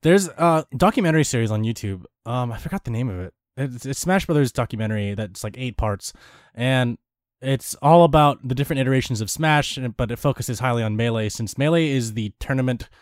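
A young man talks casually about games in a rambling way, circling back and restarting his sentences. His medium-pitched voice sits close and dry, with no room sound around it. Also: animated, brisk, dry recording. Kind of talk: casual gaming chat.

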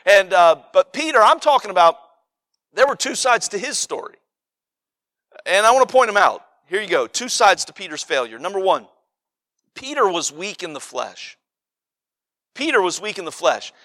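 Male preacher, sermon, high-pitched, forceful, conversational, repetitive. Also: sing-song, normal speed, pauses often. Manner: conversational, emphatic preaching with many repetitions and restarts.

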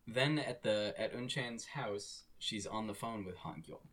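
A man's voice: lowish voice, a little slow, fairly bright tone, husky. A man co-hosting a casual recap chat, making dry, wry jokes. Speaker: podcast co-host.

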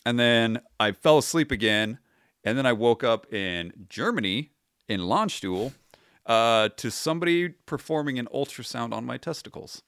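A man in his thirties, a retired Army sergeant, tells stories as a podcast guest in a casual, wry, profane way, acting out things he once said. His mid-range voice is clear, resonant and a bit bright, with lively intonation and a moderate pace. The recording is clean studio sound with no echo.

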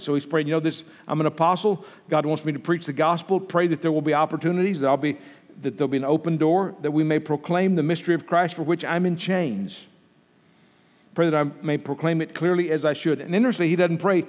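Chatty preacher in a ringing church hall. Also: male voice, a little high, fairly even intonation, fast talker, darkish tone. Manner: conversational, restarts and jokes with congregation. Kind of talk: informal sermon. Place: church sanctuary. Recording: long reverb from a church hall.

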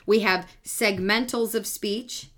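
A woman co-hosting a relaxed podcast, walking her listener through technical ideas. She is patient and teacherly and keeps it playful. Her voice sits at an ordinary middle pitch for a woman. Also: slow. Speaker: podcast co-host and speech-language pathologist. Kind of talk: casual explanatory chat.

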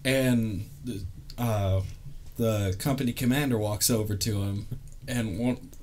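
A man's voice: fairly low pitch, steady tone, slow pace, darkish tone, slight background noise. Laid-back storytelling young man. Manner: laid-back storytelling, lots of fillers and laughter. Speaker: interviewee, army veteran. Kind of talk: casual chat.

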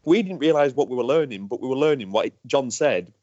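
A man from England, a motorcycle racer, telling stories in a lively, casual chat. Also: medium pitch, a little fast, dry recording. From northern England. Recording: dull lo-fi dry sound.

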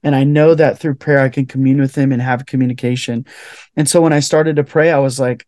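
A man's voice: medium pitch, fairly even intonation, fairly quick, darkish tone, no echo, studio quality. A young man, a podcast guest, sharing a heartfelt personal testimony with lots of "like" fillers. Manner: heartfelt, fills speech with "like". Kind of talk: earnest personal testimony in conversation.

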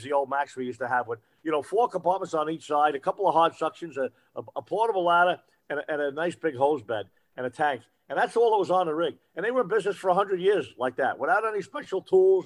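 A man co-hosting a podcast who talks shop about firefighting in a relaxed, explanatory way. His voice sits a little high for a man, and he often circles back to repeat a phrase for emphasis. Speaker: podcast co-host, veteran firefighter. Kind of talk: casual shop talk.

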